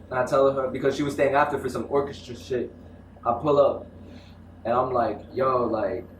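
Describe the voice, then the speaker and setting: A man's voice: mid-range voice, a little hiss or hum. Slangy young man telling stories, echoey. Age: young adult. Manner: animated slangy storytelling. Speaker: interviewee. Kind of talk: casual storytelling. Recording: echoey room, mic from far off.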